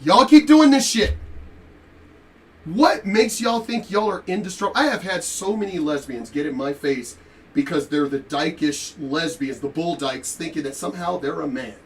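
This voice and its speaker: Man with a high voice, profane storytelling rant, distant mic. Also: normal speed, slight background noise. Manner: animated, profane, laughing asides. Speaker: reaction video commentator.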